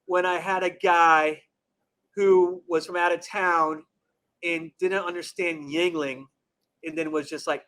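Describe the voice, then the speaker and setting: A man's voice: on the high side, fairly even intonation, moderate pace, fairly bright tone. A man, a restaurant general manager, chatting casually in an interview and acting out customers' lines as he tells stories. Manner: rambling storyteller, acts out customers' lines.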